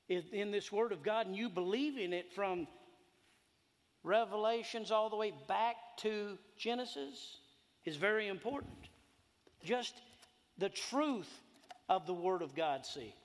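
A man, preaching a sermon in a folksy, storytelling way that swings from loud to hushed. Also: high voice. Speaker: pastor. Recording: echoey hall.

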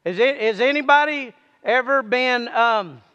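A man's voice: very high voice, unhurried, pushed and bright, clear, resonant tone, in a large hall, highs cut off. A man preaching a sermon, urging his listeners to repeat lines back to him.

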